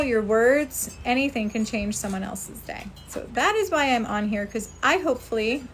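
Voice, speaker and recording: A woman speaking in a slightly high voice, earnest and motivational, on a casual livestream. She talks outdoors into a phone and thanks viewers by name as she goes. A faint outdoor hum sits behind her. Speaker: spirit medium on a livestream.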